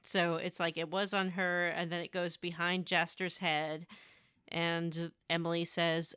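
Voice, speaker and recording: A woman co-hosting a casual gaming podcast, retelling game scenes with animated storytelling and acted-out quotes. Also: fairly low pitch, unhurried, smooth, dry recording, clean studio sound. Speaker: podcast co-host.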